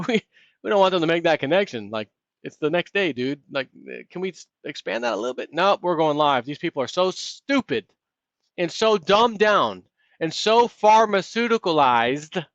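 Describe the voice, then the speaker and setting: A man's voice: high voice, a bit bright, dry recording. A man hosting his own commentary vlog, ranting sarcastically about politics. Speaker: vlog host. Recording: dull, lo-fi, dry.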